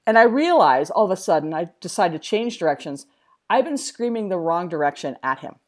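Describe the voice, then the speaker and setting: Lively storytelling woman. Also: on the low side, a little fast. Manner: lively storyteller, acts out quotes; frank, swears casually. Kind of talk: casual chat.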